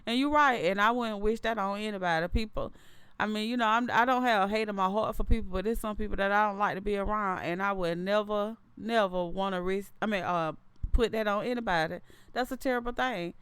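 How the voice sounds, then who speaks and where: Smooth-voiced woman chatting on a livestream. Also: medium pitch, brisk, fairly bright tone, no echo. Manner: talkative, loose, often repeats and restarts phrases. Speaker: livestream host. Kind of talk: casual livestream chat reading viewer comments.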